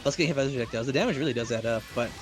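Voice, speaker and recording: This esports commentator, a man with a medium-pitched voice, talks very fast as he calls a fighting game tournament. He breaks the action down analytically and speeds up further during his explanations.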